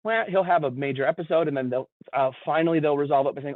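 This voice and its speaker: A man's voice: a little high, quick pace, hardly any pauses, no echo. Man explaining on a tinny phone line. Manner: earnest, repeats words when starting a thought. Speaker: behavior analyst presenter. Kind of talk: explanatory presentation.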